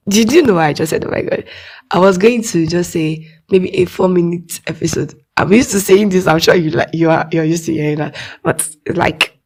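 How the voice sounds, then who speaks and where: Animated woman with a Nigerian accent. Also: mid-range voice. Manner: animated, laughs often, acts out little quoted voices. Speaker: podcast host. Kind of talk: casual faith podcast monologue.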